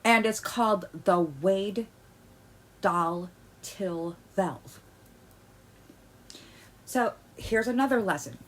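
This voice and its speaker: A woman vlogger on an agitated rant, tripping over her words as she restarts sentences. Her voice sits at an ordinary middle pitch, but she swings from loud bursts to quiet muttering. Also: very slow, pauses often. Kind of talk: ranting commentary.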